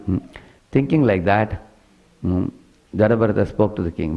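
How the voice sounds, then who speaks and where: Male preacher, lowish voice, story sermon with "huh?" asides, dull lo-fi recording. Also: brisk, vocal fry, pauses often. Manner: retells the story with frequent "hmm" and questioning "huh?" asides.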